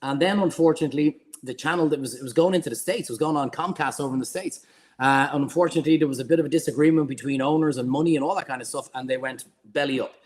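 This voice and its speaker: A middle-aged Irish man, a guest chef, telling rambling, animated anecdotes in a casual interview. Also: on the high side, racing. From Ireland.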